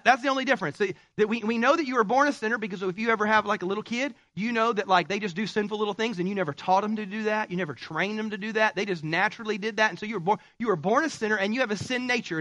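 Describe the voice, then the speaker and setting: A male pastor preaching a sermon in an animated way, acting out quoted spouses. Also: high-pitched, no room sound.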